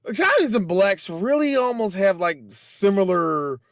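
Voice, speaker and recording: A man's voice: sits high, big pitch swings, unhurried, no echo, studio quality. A man co-hosting a movie podcast, chatting loosely, laughing often and acting out scenes. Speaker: podcast co-host. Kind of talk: casual movie podcast chat.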